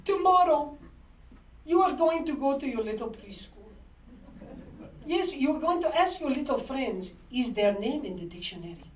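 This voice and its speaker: A woman's voice: high-pitched, big pitch swings, normal speed, a little hiss or hum. A woman voicing her emotional, effusive immigrant father, who makes grand proclamations with tears in his eyes. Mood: proclaiming, tearful. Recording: roomy hall, distant dull mic.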